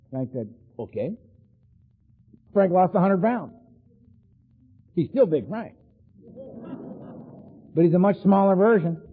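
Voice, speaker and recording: Middle-aged man, high-pitched talker, tinny phone-like sound in a big echoing hall, storyteller at a recovery meeting. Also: breathy edge. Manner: animated, laughing storyteller, tosses in "right?" and "man". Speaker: AA speaker.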